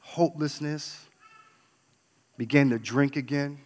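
A man from New York telling a candid personal story on stage, swinging between loud outbursts and hushed asides. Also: on the high side, fairly even intonation, slow. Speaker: speaker. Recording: long hall reverb.

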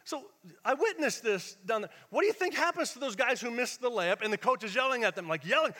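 A man preaching a sermon in a church, his voice bright and on the high side for a man. He talks in an animated, conversational way, jumping from big shouted lines to quiet, confiding asides. A long church reverb trails behind every phrase. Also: a little fast. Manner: animated, acts out quoted voices, shifts between shouting and hushed asides. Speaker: pastor.

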